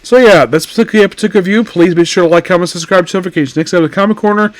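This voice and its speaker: This man reviews an anime episode very fast in a high voice, recorded dry. His casual take wanders and stays animated, and he keeps stopping mid-sentence to correct himself.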